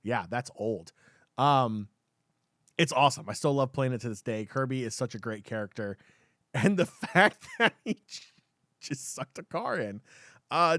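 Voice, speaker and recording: Man, gaming podcast co-host, excitable and rambling, medium pitch, dry close sound. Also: no echo. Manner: excitable, rambling with many fillers and restarts. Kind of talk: casual chat.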